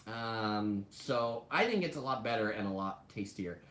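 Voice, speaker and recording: A travel channel host runs a casual live stream about food, chatting away and leaning heavily on "like" as a filler. Her voice is very deep, expressive and unhurried, with reverberation.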